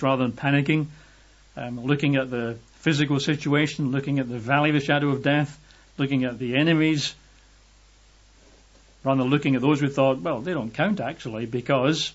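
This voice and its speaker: A man preaching a sermon at an unhurried pace, pausing on fillers and slowing down to quote scripture. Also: mid-range voice, slightly rough. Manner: unhurried, hesitant with fillers, slows and lifts when quoting scripture. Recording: dull lo-fi sound.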